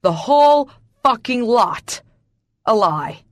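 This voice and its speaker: A woman's voice: on the high side, big pitch swings, takes it slowly, no room sound, pitched above the performer's own voice. A woman voicing a cold, cruel young male billionaire who hisses his words with contempt in an audiobook. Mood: contemptuous. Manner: hissing, contemptuous.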